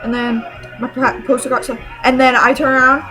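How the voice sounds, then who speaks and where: Excitable rambling woman vlogger, high voice. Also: fairly quick, over music, poor audio. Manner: excited, rambling, full of fillers and restarts. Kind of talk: casual storytelling to camera.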